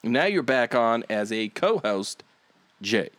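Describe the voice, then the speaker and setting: A man's voice: medium pitch, sing-song, takes it slowly, fairly bright tone, dry recording. A man hosting a podcast in casual chat, laid-back and rambling, swearing freely. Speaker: podcast host.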